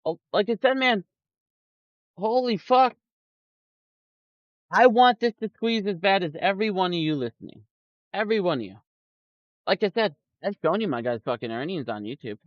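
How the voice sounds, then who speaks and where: Streamer type, man, angry and profane ranter, swings his pitch around, dull lo-fi sound. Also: lively intonation, moderate pace, pauses often, dry recording. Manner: profane, angry ranting with frequent swearing; mocking put-on voices for quoted people. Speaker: stock market streamer. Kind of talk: ranting livestream commentary. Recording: dull lo-fi audio, dry.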